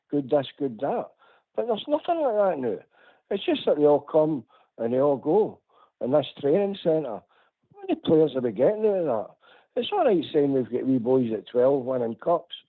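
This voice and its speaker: Impassioned Scottish caller on a tinny phone line. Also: male voice, mid-range voice, slightly rough. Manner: impassioned, repetitive complaining. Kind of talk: heated phone-in rant.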